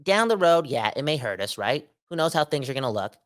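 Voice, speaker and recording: A Canadian man in a casual solo podcast rant. His pitch sits at a middle height, and he delivers his points with energy, slang and emphatic repeats. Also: big pitch swings, a little fast. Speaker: podcast host.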